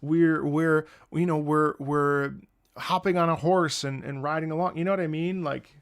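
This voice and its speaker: A man's voice: a little high, fairly even intonation, moderate pace, no room sound. A man streaming casual commentary on game music, rambling with restarts and humming melodies into a close mic.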